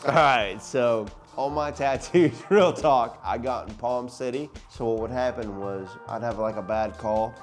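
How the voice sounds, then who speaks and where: A man's voice: mid-range voice, measured pace, few pauses, soft background music. A man in his thirties, a rowdy guest telling profane stories in casual chat. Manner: rowdy, profane, laughing storyteller.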